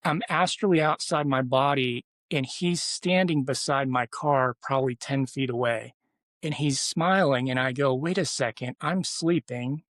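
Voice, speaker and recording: A man's voice: medium pitch, moderate pace, fairly bright tone, no room sound. A man who is a podcast guest, telling a personal story in casual conversation and rambling with many restarts and fillers.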